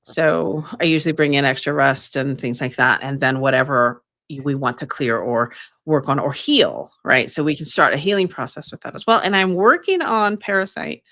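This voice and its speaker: Lady healer chatting on a live stream, kinda low voice, lots of ums, dry close sound. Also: moderate pace, a bit bright, no echo. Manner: rambling, many ums and you-knows. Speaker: co-host, energy healer. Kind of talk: casual live-stream chat.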